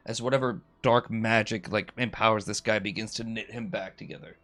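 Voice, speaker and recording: A man narrating as game master of a tabletop game, animated and descriptive. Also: on the low side, moderate pace, few pauses. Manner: animated, descriptive, with frequent fillers.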